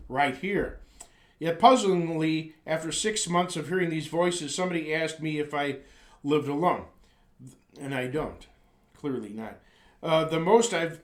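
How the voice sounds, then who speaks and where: Male narrator, slightly high-pitched, reads an essay earnestly and steadily. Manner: earnest, measured, with occasional stumbles and throat clearing. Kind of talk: reading a personal essay aloud.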